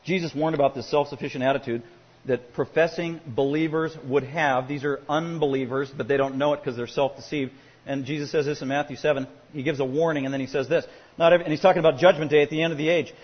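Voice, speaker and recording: A male pastor preaching a sermon, swinging from quiet asides to loud emphatic points. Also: a little high, steady tone, quick pace, breathy edge, big-room sound, lo-fi sound.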